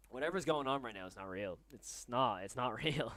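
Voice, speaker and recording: A man live streaming, stunned and repeating himself in disbelief, swinging between loud outbursts and low muttering. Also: expressive, quick pace, hardly any pauses, no echo. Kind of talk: live stream reaction to chat.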